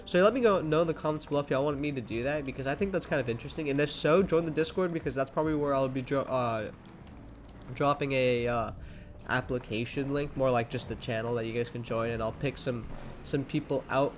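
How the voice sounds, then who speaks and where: A man's voice: mid-range voice, a little hiss or hum. A young man hosting a gaming channel, giving casual, rambling commentary full of fillers and restarts while sounding a little sleepy. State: sleepy, yawning.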